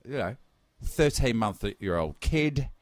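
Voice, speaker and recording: A man's voice: medium pitch, lively intonation, slow, dry recording. A man, a podcast co-host, telling a travel story in casual chat and acting out the quotes.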